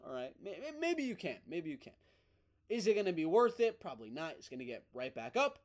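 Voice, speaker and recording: A man with a noticeably high-pitched voice delivers casual fight news commentary. He talks with excited, emphatic opinions and doubles back on his words to drive a point home. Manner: excited, emphatic, repeats himself. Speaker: MMA news host.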